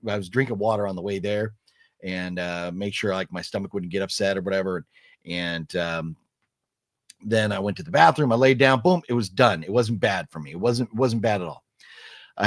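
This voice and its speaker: A man hosting a casual live chat, reading out chat messages as he goes, animated and rambling, with many fillers and restarts. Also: mid-range voice, no echo, studio quality. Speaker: livestream host reading chat.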